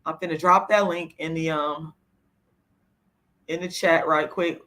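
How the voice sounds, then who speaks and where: Fiery, bright-voiced woman ranting on a livestream. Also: sits low, fairly even intonation, a little slow. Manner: profane, blunt, worked up; shifts between lecturing and venting. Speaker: livestreamer answering chat. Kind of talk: heated livestream rant.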